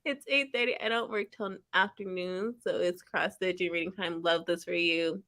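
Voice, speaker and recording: A woman's voice: fairly low pitch, steady tone, moderate pace, a bit bright. A woman hosting a casual reading-sprint stream from home, chatting in a rambling way and laughing often. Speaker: livestream host.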